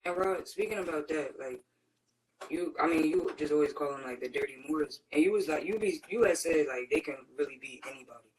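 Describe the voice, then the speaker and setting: A man asking a hesitant, halting question in a casual conversation. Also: fairly high pitch, a little hiss or hum. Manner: hesitant, filler-heavy. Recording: quiet and distant from the mic.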